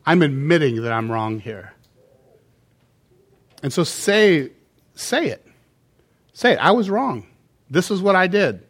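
Conversational male pastor preaching, slightly high voice. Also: sing-song, takes it slowly, long pauses, a bit bright. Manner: conversational preaching with frequent "okay?" and acted-out quotes. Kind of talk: sermon.

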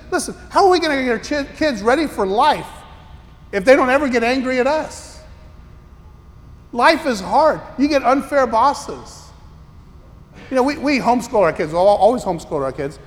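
A man preaching a sermon as a pastor, telling stories in an animated, incredulous way. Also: extremely high pitch, normal speed. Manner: animated, incredulous storytelling with rising exclamations. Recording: long reverb of a large hall.

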